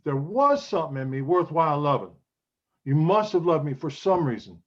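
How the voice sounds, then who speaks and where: Guy reading as a desperate husband, kinda high voice, halting and pleading, muffled call audio. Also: sing-song. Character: desperate young husband pleading with his wife. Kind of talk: acting class scene reading.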